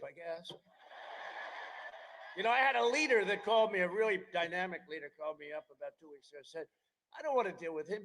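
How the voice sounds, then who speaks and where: The voice belongs to a man in his seventies, a politician addressing a campaign rally with a rambling, digressive speech and mocking asides. His pitch is extremely high and a bit bright. It's a low-quality recording.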